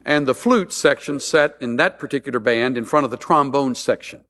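A man's voice: medium pitch, moderate pace, fairly bright tone. A man preaching a sermon as a pastor, mixing humorous stories with earnest appeals.

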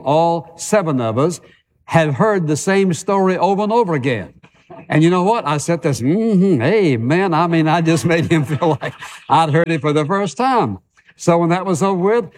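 A male pastor giving a sermon in a church, talking conversationally and piling up repeated phrases for emphasis, slowing down on key words and speeding through the runs between them. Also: fairly high pitch, darkish tone. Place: church sanctuary. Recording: long hall reverb.

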